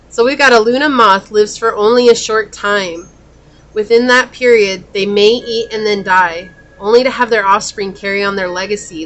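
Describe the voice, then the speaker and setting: A woman's voice: medium pitch, fairly bright tone, slight background noise. A woman giving a pick-a-card tarot reading to her viewers, chatty and openly emotional, saying y'all as she talks. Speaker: tarot reader.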